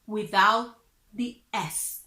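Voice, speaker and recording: A woman's voice: mid-range voice, drawn-out words, sharp tone, echoey room. A woman teaching a beginner Spanish lesson, upbeat and careful as she explains.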